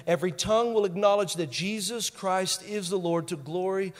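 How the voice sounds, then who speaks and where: A male pastor preaching a sermon. He stresses key phrases by repeating them, and he moves between loud bursts and quiet, intense lines. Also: high-pitched, normal speed. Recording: long reverb of a large hall.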